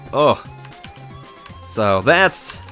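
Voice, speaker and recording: A man's voice: mid-range voice, sing-song, extremely slow, pushed and bright, soft background music. A man in his twenties, a game commentator telling a casual story in a sarcastic, profane way. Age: 20s.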